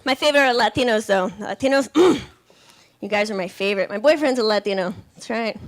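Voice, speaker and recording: Sassy high-voiced woman comedian. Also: fast talker. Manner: sassy, punchy delivery with impressions of relatives and men. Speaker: stand-up comedian. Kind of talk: stand-up comedy set. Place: comedy club stage with a live audience.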